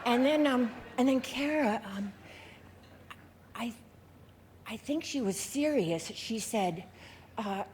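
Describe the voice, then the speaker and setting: A woman's voice: fairly high pitch, expressive, takes it slowly, long pauses, background noise. A middle-aged woman presenting an award on stage, telling a rambling comic story full of fillers and restarts. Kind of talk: comic onstage anecdote. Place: large ballroom on stage.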